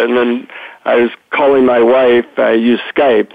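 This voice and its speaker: A man's voice: mid-range voice, normal speed, gravelly, no room sound. A middle-aged man, a psychotherapist and author, telling stories as a guest on a phone-in radio interview. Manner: animated storyteller, chatty with fillers. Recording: tinny phone line.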